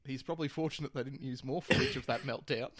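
An Australian man riffing bluntly with his co-hosts in a casual podcast chat. His voice sits at a mid pitch and sounds dry and close. He jokes and swears freely. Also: fast talker, a bit bright, no room sound. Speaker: podcast co-host.

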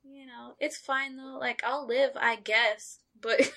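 A young woman co-hosting a podcast, chatting candidly and often laughing as she vents in long, drawn-out phrases. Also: high voice, steady tone, vocal fry, a bit bright. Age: young adult. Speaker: podcast co-host. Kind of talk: casual chat.

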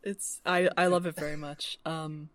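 A woman's voice: deep voice, flat delivery, moderate pace, over a noisy crowd. A woman co-hosting a casual book-club podcast, laughing often and retelling the plot by acting out the characters' lines. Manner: laughs often, recaps the plot with acted-out dialogue. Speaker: podcast co-host.

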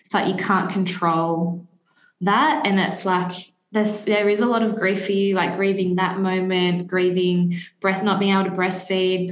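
A woman hosting a podcast, reflecting hesitantly on her guest's story. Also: lowish voice. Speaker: podcast host. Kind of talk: casual interview chat. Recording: echoey room.

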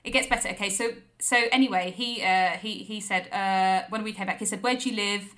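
A woman's voice: mid-range voice, a little fast. Rambling woman telling stories. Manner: animated, rambling anecdote with voiced quotes. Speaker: podcast co-host. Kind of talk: comic storytelling chat.

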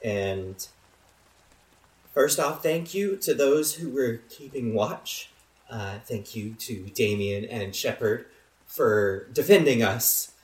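A man's voice: mid-range voice, lively intonation, slow, roomy sound, recorded from a distance. A man voicing a fussy, flustered woman who leads a caravan, stammering as she talks.

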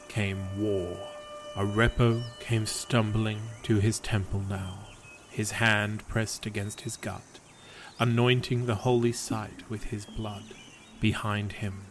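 A man narrating a story in a calm, solemn, measured reading. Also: fairly low pitch.

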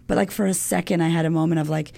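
A young woman from the United States talks frankly as a guest, with a gravelly edge in her voice. Her tone is dark and mellow. She swears freely and keeps saying "like" in a loose, candid storytelling chat. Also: low-pitched, fairly even intonation, racing. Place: home in Australia.

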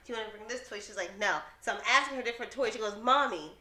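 A woman, a mother, co-hosting a casual podcast chat, telling expressive stories and laughing. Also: fairly high pitch, racing, echoey room. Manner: expressive storytelling, laughing, quoting her child. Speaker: podcast co-host.

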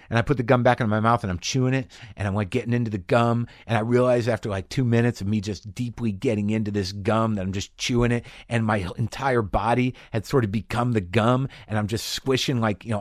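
A middle-aged man hosting a podcast, telling a comic story in a monologue and acting out his own panicked voice in sudden high bursts. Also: no room sound, studio quality. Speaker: podcast host. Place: garage studio.

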